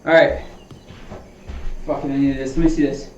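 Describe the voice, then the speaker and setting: A man's voice: medium pitch, level tone, normal speed, a little hiss or hum. Male golf streamer, casual and chatty, heard in an echoey home sim room with a dull tone. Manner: explains his swing feel to chat, talking to himself between shots. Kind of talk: casual live-stream chat while practicing. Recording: roomy dull sound, mic at a distance.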